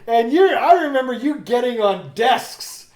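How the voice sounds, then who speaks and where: A man co-hosting a podcast, reminiscing casually as an animated storyteller who sometimes bursts into loud theatrical recitation. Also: very high-pitched, measured pace. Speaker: podcast co-host. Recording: echoey room with faint noise.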